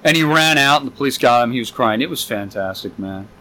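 A man's voice: mid-range voice, animated, fast talker, bright, forceful tone, low-quality recording. A young man co-hosting a podcast, rambling crude jokes and stories in casual chat. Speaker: podcast co-host.

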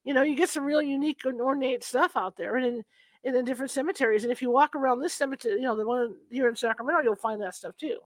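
A middle-aged woman from California chatting casually and spinning anecdotes with a chuckle in them. Her voice sits a little on the high side, recorded close and dry with no room sound. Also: quick pace, dry recording. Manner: chatty storyteller, laughs while telling. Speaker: conversation partner. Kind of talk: casual chat. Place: Sacramento, USA.

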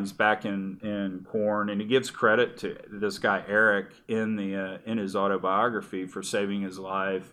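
A man's voice: fairly low pitch, bright, forceful tone. A middle-aged man in casual conversation, telling personal stories in a rambling way with frequent restarts. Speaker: guest.

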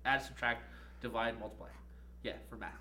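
A young man on a podcast telling a story in a casual, profane, animated way, laughing often. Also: mid-range voice, fairly quick, slight background noise. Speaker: podcast co-host.

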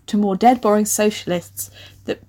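A woman in her twenties with an animated, laughing manner, reading out her old writing and mocking it with sarcastic asides. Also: mid-range voice, moderate pace, slight background noise. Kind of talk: comic reading with commentary.

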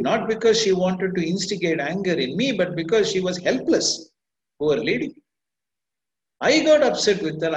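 A middle-aged man, teaching meditation in an earnest, self-questioning way, with rhetorical questions. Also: sits high. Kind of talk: reflective spoken teaching. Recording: echoey, dull lo-fi room sound.

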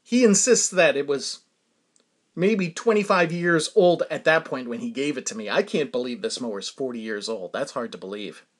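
Chuckling often and muttering under his breath for asides, a podcast host with a New England accent tells a rambling, self-amused story in casual monologue. His mid-range voice is expressive and his speed normal.

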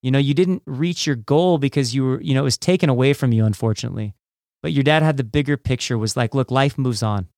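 A man's voice: medium pitch, fast talker, darkish tone, dry recording, clean studio sound. Casual man hosting an interview. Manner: casual, many "like" and "you know" fillers. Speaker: host, former judo athlete. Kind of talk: podcast interview.

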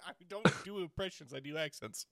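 A man's voice: fairly high pitch, animated, a little fast, creaky, a bit bright. A man in casual comic banter, laughing, swearing and mock-exasperated, on a close podcast mic. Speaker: comedy podcast co-host.

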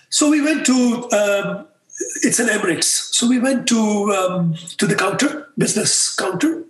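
A man's voice: sits high, moderate pace, far from the mic. A man, a guest in an interview, telling a story and acting out the dialogue in it. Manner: animated, acts out dialogue in the story. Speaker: guest, customer experience expert. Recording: echoey room.

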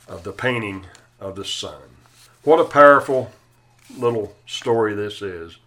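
A male chaplain telling a sermon story in an earnest voice, slowing down and going quiet on key phrases. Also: mid-range voice.

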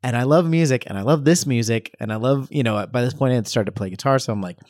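A man's voice: mid-range voice, quick pace, darkish tone, dry recording. Male comedy podcast co-host: rambling, self-deprecating, recorded dry and close. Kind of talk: casual comedic chat.

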